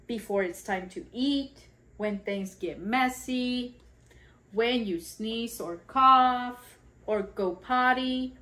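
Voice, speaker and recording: Very slow sing-song woman reading to toddlers. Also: a little high, fairly bright tone. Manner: slow, sing-song, acts out sneezes and sounds. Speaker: children's educator reading aloud. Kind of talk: reading a picture book to toddlers.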